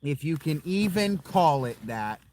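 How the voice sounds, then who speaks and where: Male game streamer, slow rambling jokes, animated pitch, faint background noise. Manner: joking, rambling, talks to himself. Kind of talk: casual live-stream chatter.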